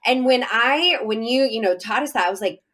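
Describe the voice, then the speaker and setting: A woman guest on a podcast, telling her story in an animated, effusive way with lots of fillers. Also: fairly high pitch, brisk. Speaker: podcast guest, summit host. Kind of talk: casual podcast interview.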